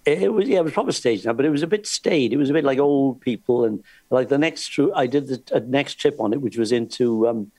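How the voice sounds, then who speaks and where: An older man, a former cruise ship entertainer, telling lively anecdotes with frequent laughs. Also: mid-range voice, quick pace, hardly any pauses, no echo. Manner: lively storyteller, laughs often, restarts. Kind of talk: anecdotal chat.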